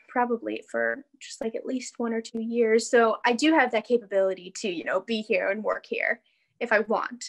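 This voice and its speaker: A woman's voice: on the high side, fairly even intonation, moderate pace, gravelly. A young American woman, a dancer, chatting casually in an interview over a video call, laughing often and full of "like" and "you know". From United States. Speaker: guest, dancer.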